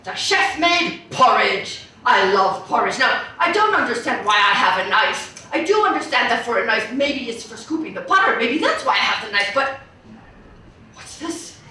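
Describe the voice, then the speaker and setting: A woman acting as a greedy, giddy king who exclaims over everything with a high, swooping voice. He talks slowly and brightly. The sound booms with echo and comes from well away from the mic. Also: very animated, slight background noise. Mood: puzzled. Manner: exclaiming, wonderstruck, theatrical. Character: greedy, giddy king, middle-aged man. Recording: booming echo, mic far off.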